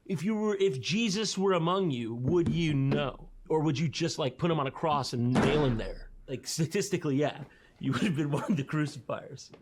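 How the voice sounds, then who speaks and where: A man's voice: moderate pace, background noise. A man giving sarcastic, mock-outraged comedic commentary in a video played during a stream. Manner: mock-outraged, exaggerated swings in pitch.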